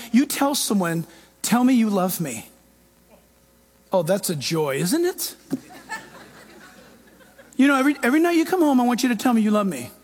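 A man pastor preaching a sermon in an animated way, acting out quoted voices. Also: very high-pitched.

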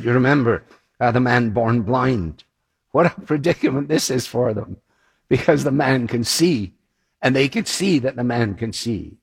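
A man's voice: mid-range voice, creaky, slightly rough. A man preaching a sermon, walking through a Bible passage in a conversational way and acting out the quoted voices.

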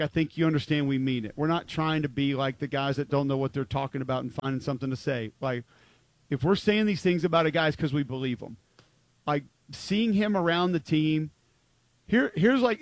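A man's voice: fairly high pitch, a little fast, dry recording. A man co-hosting a football talk show, chatting casually and emphatically with lots of filler words. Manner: rambling, frequent "like" fillers, emphatic. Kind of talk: casual sports chat.

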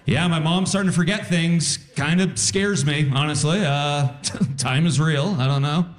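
Performing stand-up on a live stage, a man with a fairly high voice tells personal stories at a moderate pace, putting on animated voices for the quotes. Soft music plays in the background.

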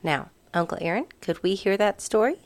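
A woman's voice: medium pitch, fairly quick. A woman hosting a program, giving upbeat birthday wishes. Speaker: program host. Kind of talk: birthday announcements.

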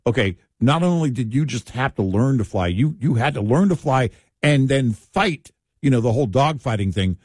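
A man talking casually, his pitch jumping around as he gets animated telling an everyday story. He adds wry asides, and the voice sits dry and close to the mic. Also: normal speed, husky, no room sound. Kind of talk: casual chat.

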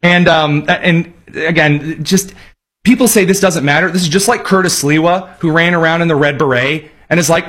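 Husky, sarcastic male political host. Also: fairly high pitch, fairly even intonation, moderate pace, a bit bright. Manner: sarcastic, mocking, rambling. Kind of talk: political commentary show.

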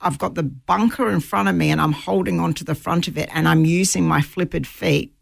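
A woman's voice: fairly low pitch, a little fast, gravelly, slightly rough, dry recording, clean studio sound. A woman guest earnestly recounting a personal ordeal at sea, a vivid storyteller who repeats phrases for effect.

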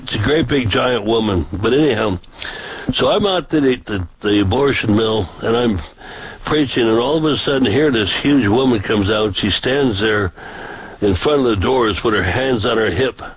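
A man's voice: medium pitch, moderate pace, breathy edge, dry recording, poor audio. Rambling older preacher man. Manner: folksy, rambling with repeated restarts. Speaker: street preacher. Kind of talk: casual storytelling.

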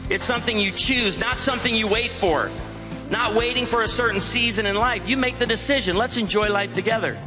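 A man's voice: high-pitched, fairly quick, over music. A man in his forties giving a humorous, emphatic sermon to a live audience. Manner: animated, emphatic, joking. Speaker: guest speaker. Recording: reverberant hall, faint ambience.

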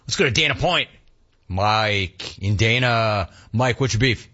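A man in his fifties hosting a call-in talk radio show, ranting with animated energy and mocking voices. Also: unhurried, dull audio. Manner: animated ranting, mocks cheerful clerks in a high voice. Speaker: radio talk show host taking calls.

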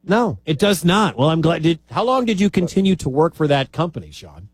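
A male sports radio host with a slightly husky, breathy edge and a bouncy, animated delivery. He banters easily with callers in a close, dry studio sound, higher than most men. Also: no room sound. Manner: chatty, quick to joke and react. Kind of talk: call-in radio chat. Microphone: studio mic.

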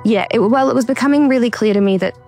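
A woman speaks in an earnest, measured way as a guest, her voice carrying a gravelly creak. She pauses and restarts as she works through her account. Faint music sits underneath. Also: fairly high pitch, a little mellow. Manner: measured, reflective, occasional restarts. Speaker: interview guest. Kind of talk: earnest personal account in conversation.

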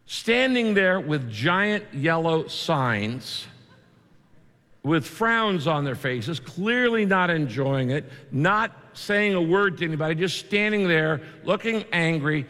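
A man preaching a sermon in a conversational way, with vivid asides and quick shifts in delivery. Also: a little high, sing-song, fairly bright tone. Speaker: pastor. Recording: long hall reverb.

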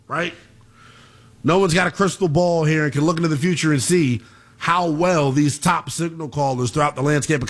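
A man's voice: a little high, a bit bright. A man hosting a sports talk show, blunt and emphatic, firing off rhetorical questions.

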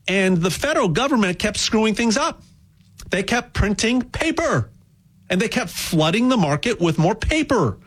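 A man giving a rambling, jokey sales pitch for buying gold, full of restarts and repeated words. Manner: animated, repetitive restarts, jokey asides. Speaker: gold dealer spokesman.

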